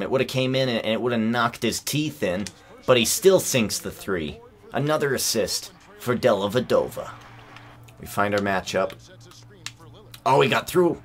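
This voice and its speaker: Excitable young man commentating gameplay. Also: fairly low pitch, measured pace, soft background music. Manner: excitable, bursts into yelling and laughter. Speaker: gamer commentating his own play.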